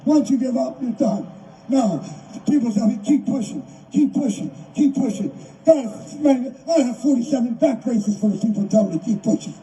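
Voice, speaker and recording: Heard from afar on a distant mic, this older rally speaker talks at a moderate pace in a mellow, very high voice. His outdoor speech is emotional and repetitive, and faint noise sits in the background.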